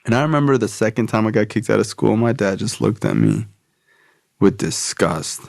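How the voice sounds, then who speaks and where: A man's voice: lowish voice, animated, normal speed, creaky, darkish tone, no room sound, clean studio sound. A young man, a podcast guest, telling a candid personal story in a casual, profane way.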